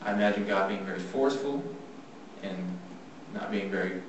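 Man teaching scripture in an echoey room. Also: fairly low pitch. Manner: plain and earnest, slows down when reading scripture. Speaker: speaker giving a Bible talk. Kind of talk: devotional Bible teaching. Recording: echoey room from far off, faint noise.

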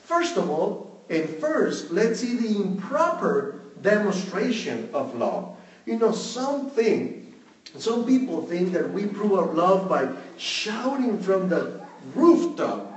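A man, preaching a sermon as a pastor, slow and measured, with many "you know" fillers. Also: sits high, big pitch swings. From Mexico. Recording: echoey room from a distance.

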